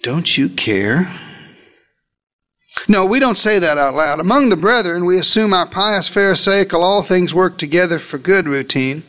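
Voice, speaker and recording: A man's voice: high-pitched, normal speed, few pauses, fairly bright tone. A man preaching a sermon, retelling a scene dramatically in the first person with emphatic delivery.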